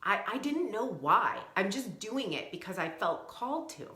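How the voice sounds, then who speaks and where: A woman's voice: medium pitch, very animated, normal speed, sharp tone, echoey room. A woman in her thirties, a coach for sensitive women, giving an effusive livestream talk straight to her viewers.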